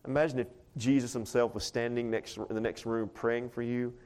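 A man's voice: medium pitch, steady tone, fairly quick, a little mellow, smooth. A man preaching a sermon to a congregation in a chatty, conversational way, often asking rhetorical questions. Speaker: pastor. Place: church before a congregation.

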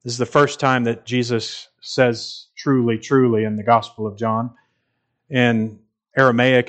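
A man's voice: mid-range voice, level tone, measured pace, fairly bright tone. A man preaching a sermon in an earnest, emphatic way, repeating phrases for stress.

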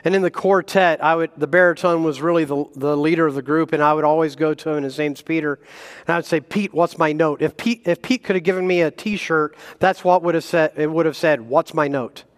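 Preaching man, slightly high voice, reverberant hall. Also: fairly quick, clear, resonant tone. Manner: animated preaching with self-deprecating humor and chuckles. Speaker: guest pastor. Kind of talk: sermon. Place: church sanctuary.

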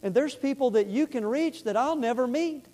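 A man's voice: extremely high pitch, moderate pace, warm tone. A man preaching a fervent sermon, repeating words and asking the congregation if they follow.

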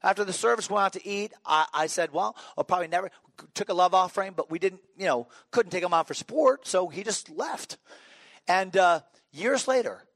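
A man's voice: high-pitched, fairly quick, a bit bright, no echo. A middle-aged man preaching a sermon as a pastor, telling stories with humor and frequent restarts. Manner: conversational, humorous storytelling with restarts.

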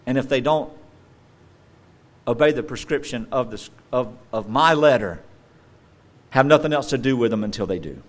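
A middle-aged male pastor delivering a sermon, swinging between loud emphatic stresses and quiet conversational asides. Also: mid-range voice, animated, moderate pace, pauses often.

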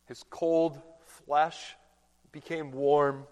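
In a big church hall with long reverb, a male pastor preaches a sermon slowly and dramatically. His voice is a little high, and he moves between hushed passages and loud proclamations.

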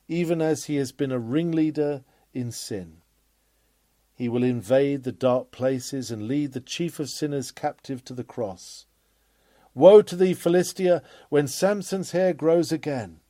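Fervent preacher, man with dark voice. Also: mid-range voice, no room sound. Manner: fervent, swells to loud cries and drops to hushed asides. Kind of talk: sermon.

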